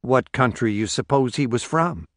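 A man's voice: medium pitch, normal speed, no echo, studio quality, natural voice. A man as an offhand, probing reporter. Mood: casual. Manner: friendly, offhand questioning. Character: adult male reporter, casually probing.

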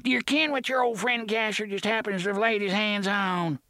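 A man's voice: high-pitched, steady tone, brisk, sharp tone, dry recording, clean studio sound, voice pushed up. A man voicing a dying, ragged old male pirate who talks in thick slang, friendly and threatening at once. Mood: menacing chummy. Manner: thick slangy speech, chummy yet threatening.

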